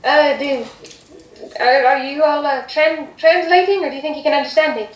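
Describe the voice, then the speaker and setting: A blunt woman adventurer with a halting, offhand way of talking, voiced by the woman running the game. Her voice is high. The recording is echoey and distant. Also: close to an everyday voice.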